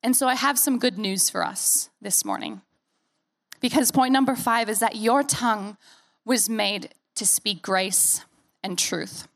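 A woman's voice: a little high, measured pace, gravelly. Earnest American woman preaching. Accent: American, softened by years in Australia. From United States. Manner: earnest, animated preaching with playful asides. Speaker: pastor. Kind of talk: sermon.

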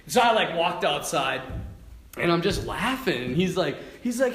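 A man's voice: on the high side, moderate pace, echoey room. A man, a priest, telling funny personal stories in a sermon and often laughing as he talks. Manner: animated, laughing storyteller.

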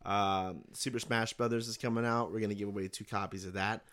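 A man's voice: fairly low pitch, fairly even intonation, a little fast, a bit bright. A young man, podcast host, telling a long rambling story in casual chat, laid back and swearing.

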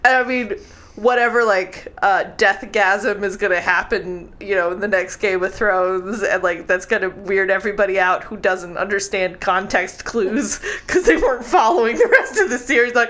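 A woman's voice: medium pitch, normal speed, fairly bright tone. A woman co-hosting a podcast in casual chat, rambling with lots of fillers and laughing easily. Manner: chatty, full of "like" fillers, laughs often. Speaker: podcast co-host.

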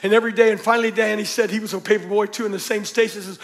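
A middle-aged pastor preaches from the pulpit in a high, light voice, telling stories with real energy. He speaks very fast and steadily with few pauses, dropping some lines nearly to a whisper and shouting others as he plays the characters in his sermon.

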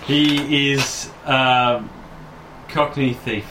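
A man playing a tabletop game, relaxed and joking. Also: medium pitch, extremely slow, slight background noise. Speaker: player. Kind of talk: casual tabletop play.

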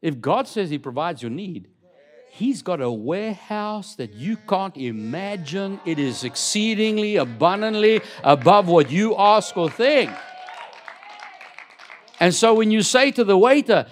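Man, preacher, fairly high voice, animated sermon delivery with repeated words, climbing to loud emphatic peaks and direct questions to the room. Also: a little slow. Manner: asks the congregation direct questions. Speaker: apostle preaching to a church.

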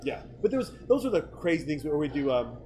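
A middle-aged man telling bar stories in casual chat, animated, acting out the voices of the people he quotes and laughing often. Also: on the high side, fast talker, a little hiss or hum, low-quality recording. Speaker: podcast guest telling stories.

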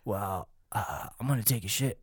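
A man's voice: lowish voice, moderate pace, husky, dry recording, clean studio sound. A man voicing a lazy, greedy male dungeon guard who drawls in bro-speak during a tabletop game. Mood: lazy, smug. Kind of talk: tabletop game role-play.

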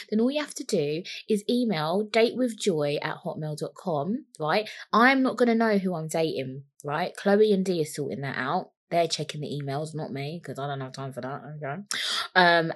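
Chatty, cheeky young woman. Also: fairly low pitch. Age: young adult. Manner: chatty, rambling and cheeky, swears freely. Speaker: podcast host. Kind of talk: solo podcast chat. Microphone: podcast microphone.

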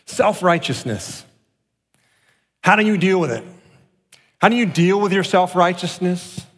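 A man's voice: high voice, animated, a little slow, fairly bright tone, long reverb tail. A man preaching a sermon as a pastor, asking rhetorical questions and repeating key phrases for emphasis.

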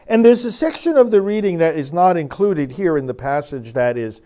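Emphatic high-voiced male preacher. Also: expressive, moderate pace, dark tone. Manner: emphatic preaching, reading scripture with dramatic force. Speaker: priest. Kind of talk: sermon.

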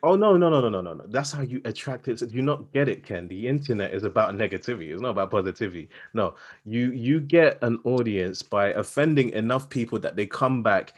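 Brief: male podcast co-host, lowish voice, lively and joking, prone to exaggeration. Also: fairly quick, hardly any pauses, breathy edge. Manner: animated, playful, given to comic exaggeration. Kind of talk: casual chat.

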